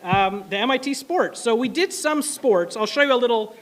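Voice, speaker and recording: A man telling a casual, animated story to an audience, full of fillers and asides. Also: very high-pitched. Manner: quick, animated, many fillers. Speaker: speaker at an anniversary event.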